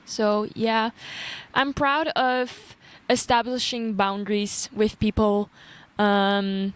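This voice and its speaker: Young woman, halting candid vlog. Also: mid-range voice, smooth. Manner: halting, swears often, many "like"s. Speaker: vlogger.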